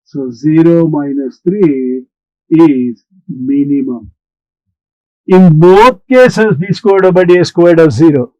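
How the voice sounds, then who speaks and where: A male maths teacher works through a problem slowly and deliberately, taking his time over each step. His voice sits a little high for a man. The sound is dry and close, with no room echo. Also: a little mellow, dull audio. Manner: slow, deliberate explaining, talks back to imagined students. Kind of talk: recorded maths lesson.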